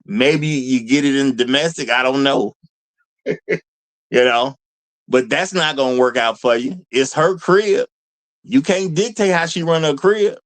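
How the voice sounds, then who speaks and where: On his live commentary stream, a man chats casually with viewers, calling them "y'all" and repeating lines with animated emphasis. His mid-range voice is unhurried, and the rough recording has no echo.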